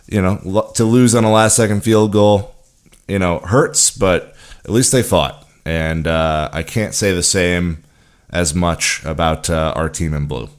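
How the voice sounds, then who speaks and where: A man co-hosts a football podcast in casual, laid-back chat, often dropping "you know." His voice is low-pitched, steady and clean in tone, and he speaks unhurriedly.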